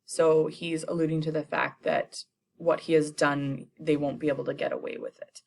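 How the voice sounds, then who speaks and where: A young woman teacher recaps a play for her class in a slangy, chatty way, dropping in fast, playful character voices. Her deep voice has a flat delivery, and there's slight background noise.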